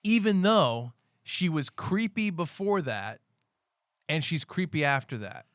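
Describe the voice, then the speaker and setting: A man's voice: a little high, big pitch swings, measured pace, a bit bright, clean tone, dry recording, studio quality. A man co-hosting a podcast, chatting casually about movies and rambling through scene recaps with quoted lines. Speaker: podcast co-host.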